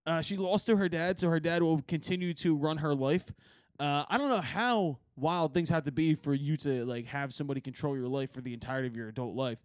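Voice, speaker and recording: Male podcast host, rambling storyteller with a high voice, dry close mic. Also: a little fast, no echo. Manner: rambling storyteller, laughs often, swears. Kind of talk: casual podcast chat. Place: rehearsal studio.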